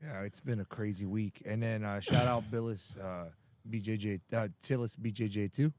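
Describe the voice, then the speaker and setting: A man co-hosting a podcast, welcoming guests and asking questions with many pauses. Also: lowish voice, steady tone, darkish tone, a little hiss or hum. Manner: hesitant, many ums. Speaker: podcast co-host.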